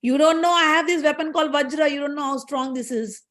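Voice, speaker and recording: A woman's voice: sits high, fast, fairly bright tone, pitched above the performer's own voice. A woman voicing a proud male king of the gods, boastful and indignant.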